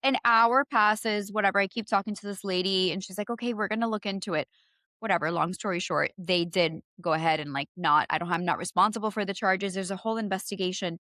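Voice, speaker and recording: A woman in her thirties with an accent, co-hosting a podcast and telling a story in casual chat, animated and profane, acting out both sides of phone calls. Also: medium pitch, brisk, few pauses, no echo, clean studio sound. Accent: non-native English. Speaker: podcast co-host.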